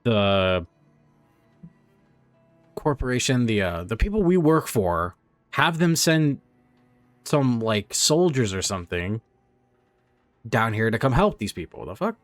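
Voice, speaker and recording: A man's voice: medium pitch, sing-song, slow pace, long pauses, dry recording, soft background music. A young man casually commenting on a game he streams, joking around and slipping into silly voices. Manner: jokey, does silly voices.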